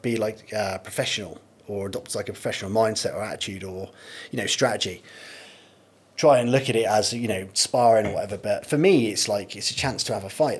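Brief: bloke, low husky voice, casual swearing storyteller on a podcast. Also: male voice. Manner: laid-back, swears freely, laughs through anecdotes. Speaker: podcast guest.

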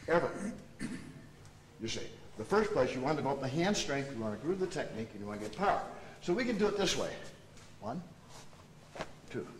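Very animated and a little fast, this medium-pitched man leaves long pauses as he coaches martial arts students through a demonstrated technique at a seminar. The camera mic sat far off in the training hall, giving a noisy, echoey recording.

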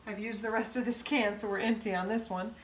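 A woman's voice: medium pitch, fairly even intonation, fairly quick. Woman, home cooking host, casual and folksy, walks through each step; roomy kitchen sound. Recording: echoey kitchen, mic a bit far off.

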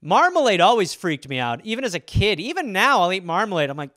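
A man's voice: high-pitched, big pitch swings, fast talker, a bit bright, no echo, studio quality. A man hosting a solo comedy podcast, riffing in a profane, rambling, conversational way. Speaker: podcast host.

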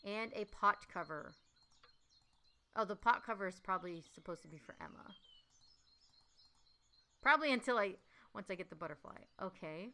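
A woman's voice: medium pitch, animated, normal speed, long pauses, bright, forceful tone, a little hiss or hum. A woman voice-over artist giving chatty let's-play commentary while playing a puzzle game, reacting aloud with gasps and exclamations. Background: game music.

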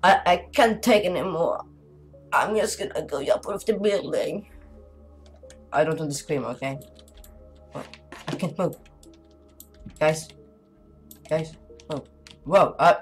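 A woman's voice: on the low side, slow pace, long pauses, faint music behind. A woman giving casual commentary while playing a horror game, chatty and talking to her viewers, jumpy and easily startled, with nervous laughter.

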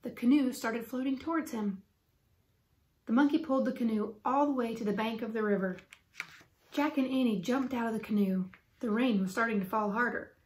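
Woman, higher voice, children's book read-aloud, clear, expressive storyteller. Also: moderate pace. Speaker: storyteller for students.

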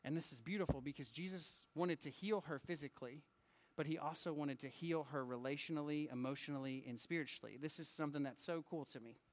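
A man preaching a sermon in church, lively and acting out the people in his stories. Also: a little high, fairly quick. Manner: animated, acts out quoted voices. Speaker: pastor.

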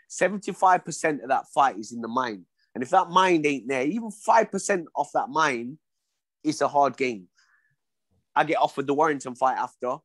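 A man's voice: fairly high pitch, dry recording. A man, a former boxer telling stories in a casual interview, acting out the dialogue as he goes. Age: 40s. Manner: animated storyteller, acts out dialogue.

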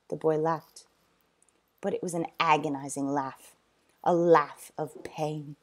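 A woman reading a children's storybook aloud, expressive, with loud sound effects. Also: low-pitched, slow pace.

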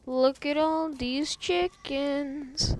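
A woman doing live gameplay commentary, goofy and excitable, often squealing and laughing at her own jokes. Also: high-pitched, drawn-out words. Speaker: game streamer.

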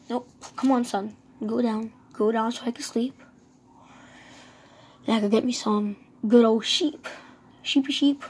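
A woman with a fairly high voice chats her way through a game, thinking out loud. She moves between excited exclamations and mutters to herself. Faint keyboard typing sits behind her. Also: unhurried, creaky, pauses often, slight background noise. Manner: chatty, excitable, talks to herself. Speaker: gamer. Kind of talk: casual gameplay commentary.

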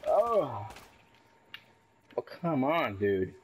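A man giving casual gameplay commentary, excitable and trash-talking, yelling at enemies and cheering himself on. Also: mid-range voice, very slow, slight background noise. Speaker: gaming commentator.

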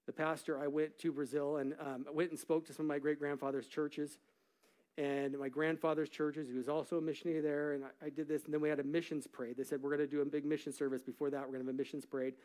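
A man's voice: fairly high pitch, a little mellow. A middle-aged male pastor delivering a sermon in a church, telling a story and building to emphatic peaks. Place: church sanctuary.

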